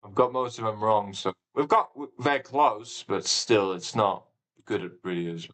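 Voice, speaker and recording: A man livestreams a game with casual commentary, thinking aloud in a rambling way punctuated by sudden exclamations. His fairly low voice is a bit bright and keeps a measured pace. The recording quality is low.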